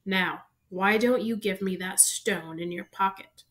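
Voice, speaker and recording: A woman voicing an evil male dark wizard in a slow, soft, hissing voice for a storybook reading. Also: mid-range voice, lightly acted. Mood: menacing.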